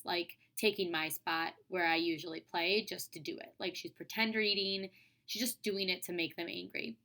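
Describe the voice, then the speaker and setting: Young woman teacher, chatty read-aloud lesson, bright clear voice. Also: on the low side. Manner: casual, chatty, lots of "like" and "um". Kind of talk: reading aloud and explaining a lesson.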